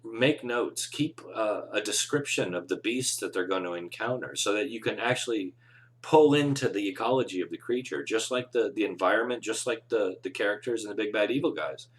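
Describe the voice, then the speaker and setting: A man's voice: fairly low pitch, brisk. Earnest encouraging male game master. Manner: earnest, encouraging, rambling with restarts. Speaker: game master, podcast host. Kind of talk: casual advice talk on a live show.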